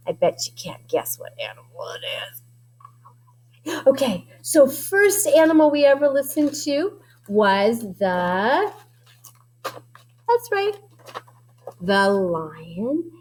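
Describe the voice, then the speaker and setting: A woman music teacher leading young children, sing-song and animated, singing lines for them to echo in her classroom. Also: medium pitch, slow pace, pauses often.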